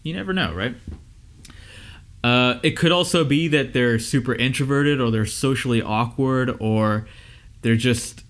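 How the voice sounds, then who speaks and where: A young adult man, an audio engineer, talking candidly to camera, giving advice and telling a rough story with lots of fillers and restarts. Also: medium pitch, a little slow, a bit bright. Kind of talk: casual advice talk to camera.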